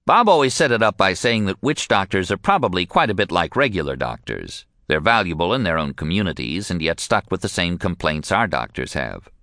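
A man's voice: deep voice, big pitch swings, a little fast, few pauses, pushed and bright, no room sound, studio quality. A man narrating a first-person memoir in a wry, joking storytelling manner. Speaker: audiobook narrator.

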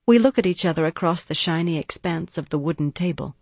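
A woman's voice: sits low, brisk, hardly any pauses, a little mellow, dry recording. A woman reading a first-person audiobook narration in a weary, subdued, inward way.

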